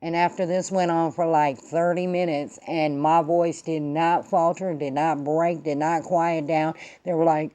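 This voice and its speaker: A woman's voice: low-pitched, level tone, measured pace, few pauses, dark tone. A woman hosting her own vlog, telling a story and ranting about politics in emphatic, profane, slangy talk. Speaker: vlog host. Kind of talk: casual political rant and storytelling.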